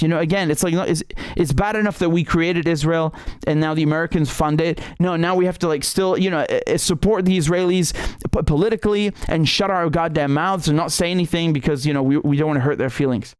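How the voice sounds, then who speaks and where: A man's voice: on the high side, brisk, darkish tone, smooth, no echo, studio quality. A man hosting his own show as a journalist, delivering an indignant, sarcastic political monologue with frequent stammered restarts. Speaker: independent journalist and show host. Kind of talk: impassioned political commentary monologue.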